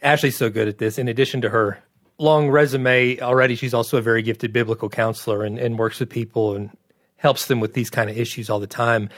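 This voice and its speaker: A man with a mid-range voice co-hosts, explaining ideas in an earnest, steady way. His voice sounds dry and close, with no room echo. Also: medium pitch, brisk. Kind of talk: conversational interview.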